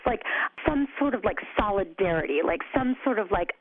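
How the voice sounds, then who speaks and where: A woman's voice: medium pitch, normal speed, no room sound. Woman guest on a call, chatty and candid, says like a lot, tinny phone sound. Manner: candid, animated, frequent "like" and "you know". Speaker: podcast guest, co-founder of a grief community. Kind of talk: conversational interview.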